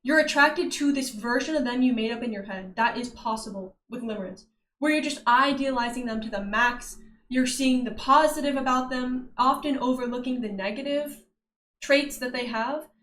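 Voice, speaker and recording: A woman's voice: high-pitched, normal speed, fairly bright tone, roomy sound. A young woman streaming, chatting casually with viewers, laughing often and greeting chat. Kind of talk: casual livestream chat reading viewer messages.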